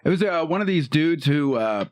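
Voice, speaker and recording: A man's voice: on the high side, moderate pace, dry recording, clean studio sound. A man from Eastern Iowa, a stand-up comedian guesting on a podcast, telling stories with heavy swearing. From Eastern Iowa, USA. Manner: animated storyteller, heavy swearing, acts out quotes. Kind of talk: casual chat, storytelling.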